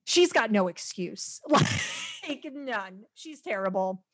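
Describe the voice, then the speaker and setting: A woman chatting casually as a podcast guest, animated and quick to laugh, with lots of fillers and restarts. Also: medium pitch, no echo, clean studio sound.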